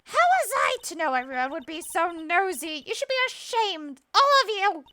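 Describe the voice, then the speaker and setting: A woman voicing a nosy, shrill old woman who scolds and brags as a witness in a courtroom game. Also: very animated, normal speed, pushed and bright, full character voice. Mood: indignant. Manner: scolding, bossy, indignant.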